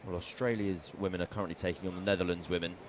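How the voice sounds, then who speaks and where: Low-ish voiced guy on cricket radio, jokey, tells little stories, faint background hiss. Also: level tone, very fast. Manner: playful storyteller, jokey, stumbles over names. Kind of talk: casual sports radio chat.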